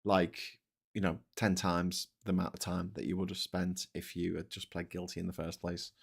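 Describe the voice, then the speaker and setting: A man's voice: deep voice, little pitch movement, moderate pace, creaky, breathy edge. Blunt, sweary man with a Scouse accent. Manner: blunt and sweary, talks back to viewer comments. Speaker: host. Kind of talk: casual live-stream chat reading comments.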